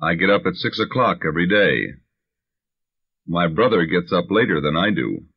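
A man reading English practice phrases deliberately for learners, on a dull lo-fi vintage recording. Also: low voice, slightly rough. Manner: deliberate, even drill reading. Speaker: language teacher.

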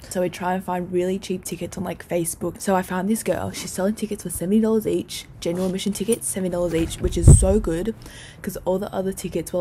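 A young woman telling a story to camera in a chatty, excitable way, swearing casually and saying "like" a lot. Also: medium pitch, slight background noise. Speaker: vlogger.

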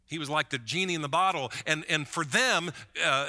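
A man's voice: fairly high pitch, fairly quick, few pauses, bright, forceful tone. A man preaching a sermon as pastor, in a conversational way, often repeating a word as he starts a thought.

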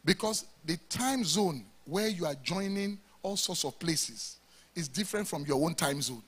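Man, Nigerian accent, pastor, sermon, high-pitched, husky, emphatic. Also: animated, moderate pace. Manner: emphatic, rhetorical preaching with questions to the congregation. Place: church service before a congregation.

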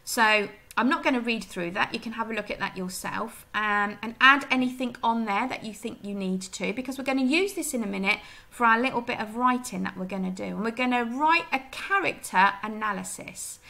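A woman teacher giving a recorded reading lesson, explaining gently and asking her pupils questions. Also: on the high side, a little fast, vocal fry, few pauses. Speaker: primary school teacher.

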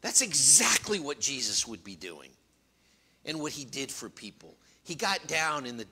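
Lively, bright-voiced male pastor preaching. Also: medium pitch, normal speed, slightly rough. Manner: earnest, swings between loud emphasis and quiet confiding. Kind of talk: sermon. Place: church.

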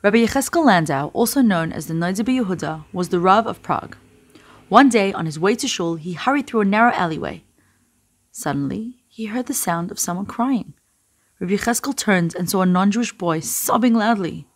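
Gentle woman reading a children's story. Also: lowish voice, a little fast. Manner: expressive, gentle storybook delivery.

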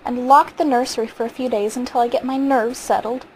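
A woman narrator puts on a high-strung, frightened wife in a storybook reading. Her lines ride high and pleading, with a constant tension. A faint hiss runs beneath the recording. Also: fairly even intonation, brisk, lightly acted, poor audio. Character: anxious, frightened wife and mother. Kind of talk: audiobook reading.

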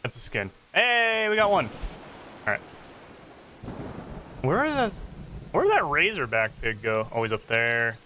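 Excitable male gamer with lively pitch. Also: a little slow, long pauses, slight background noise. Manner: chatty, excitable, yelps and laughs at the game. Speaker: gaming streamer. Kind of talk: casual let's play commentary.

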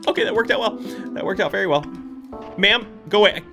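A woman streaming a video game, commentating excitedly with frequent laughs and frantic exclamations. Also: mid-range voice, fast talker. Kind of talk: let's play commentary. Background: game music.

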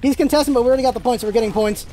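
A gaming channel host giving live gameplay commentary, excitable and firing off rapid callouts to teammates. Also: medium pitch, slight background noise.

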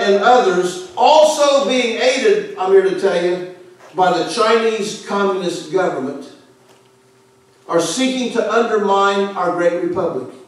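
A man who is a pastor preaching an emphatic, fiery sermon, pushing hard on some words and dropping low on others. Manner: emphatic, forceful preaching with sudden drops in volume. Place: church sanctuary. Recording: echoey church hall from far off.

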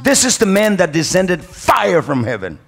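A pastor with a high, gravelly, husky voice preaches a sermon at a normal speed, his pitch swinging hugely. He is emphatic, repeating key lines and calling for amens. The recording carries the long reverb of a large church hall.

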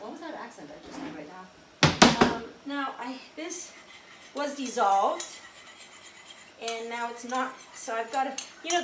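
Her slightly high voice comes from far off the mic amid heavy background noise in an echoey kitchen with faint ambience. She's a woman in her thirties who vlogs as a home cook, chatting as she cooks, rambling, self-deprecating and full of fillers.

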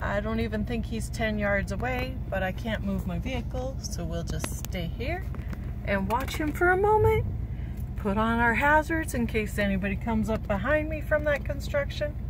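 A woman's voice: on the high side, expressive, normal speed, background noise. A woman vlogging a road trip, gushing and a bit out of breath as she talks to her camera. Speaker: RV travel vlogger. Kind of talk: excited travel vlog. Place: outdoors by a geyser, then inside her vehicle.

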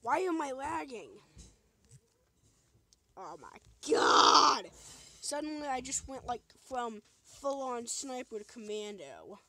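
A woman's voice: high voice, lively intonation, moderate pace, few pauses, a little hiss or hum. A young woman casually commenting as she plays a video game, joking with the enemies and shrieking when things go wrong. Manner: goofy, talks to the game, shrieks when in danger. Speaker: gamer. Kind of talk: casual let's play commentary.

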